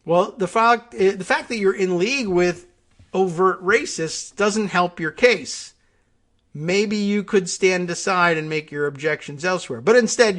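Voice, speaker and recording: A man's voice: a little high, fairly bright tone. A man hosting a political talk show, commenting sarcastically and thinking aloud with fillers. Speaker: podcast host.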